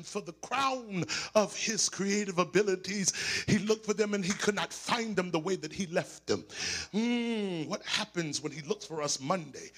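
A man preaching a sermon, rising into shouts and sing-song cadence, with a raspy voice. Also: high voice. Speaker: pastor.

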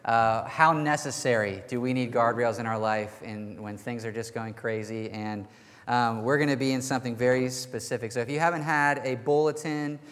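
A man preaching a sermon as pastor, telling stories in a lively, casual, conversational way. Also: medium pitch, moderate pace, long reverb tail. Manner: energetic storytelling, casual and conversational.

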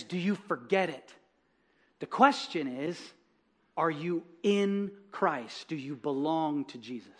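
Male pastor, slightly high voice, storytelling sermon with softly voiced dialogue. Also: husky. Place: church.

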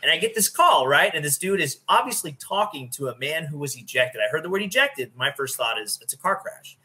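A man who used to be a dispatcher, chatting on a podcast and eagerly jumping in to tell his side. His voice is bright and forward, and his pitch swings widely as he talks. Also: brisk. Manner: lively storytelling, jumps in eagerly. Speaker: former dispatcher co-host. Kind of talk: casual chat.

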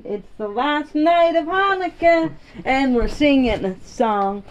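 A woman's voice: high voice, lively intonation, takes it slowly, dull audio, a little hiss or hum. A woman hosting a home storytelling show, playful and sing-song, then reading a classic tale aloud. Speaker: storyteller host.

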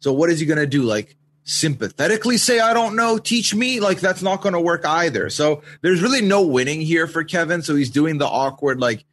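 A man guesting on a podcast offers exasperated, opinionated takes in a relaxed chat. His voice sits a little higher than most men's, and a faint hiss with a low hum runs underneath. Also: brisk. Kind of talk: casual commentary chat.

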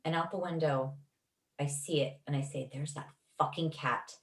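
A woman tells a rambling personal story in an emotional, profane way. Her voice sits a little low, and it is heard from some distance in a roomy, echoing space. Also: steady tone, normal speed. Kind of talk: casual spoken storytelling. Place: Los Angeles. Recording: echoey room, distant from mic.

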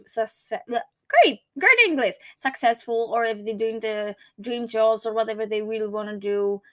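A young woman in her twenties speaks with a Greek accent, and her voice sits high and sharp. She tells a personal story in a rambling, casual way and keeps searching for the right English words. The sound is dry and close, with no room echo. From Greece. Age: 20s. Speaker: vlogger.

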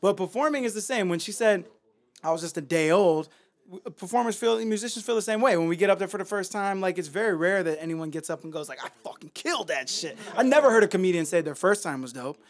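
Laid-back, cursing higher-voiced man. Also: fast, few pauses. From Miami. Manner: laid-back, profane, rambling with fillers. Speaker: musician guest. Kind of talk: casual podcast chat.

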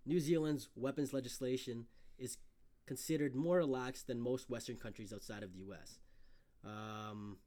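This podcast co-host, a man with a warm, medium-pitched voice, moves at a moderate pace. He reads out news stories and riffs on each one, keeping the talk loose and profane.

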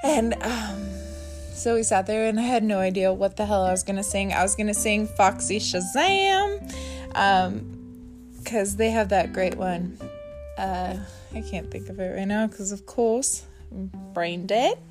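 A woman's voice: medium pitch, measured pace, over music. A woman in her thirties hosting a casual podcast from her bedroom, talking in a chatty, candid way and swearing freely. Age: 30s. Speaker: podcast host. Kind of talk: casual chat.

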